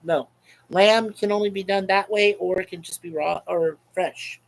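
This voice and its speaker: A man's voice: sits high, steady tone, moderate pace, gravelly, poor audio. A man hosting a casual webcam livestream, reading out chat comments in a rambling, chuckling, repetitive way. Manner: rambling, chuckling, repeats himself.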